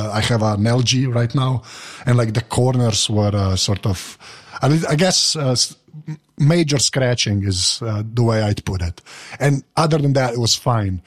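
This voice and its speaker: Male panelist, husky, anecdotal and rambling. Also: medium pitch, normal speed. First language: Slovene. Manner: rambling, anecdotal, many fillers. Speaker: podcast panelist. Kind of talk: casual chat.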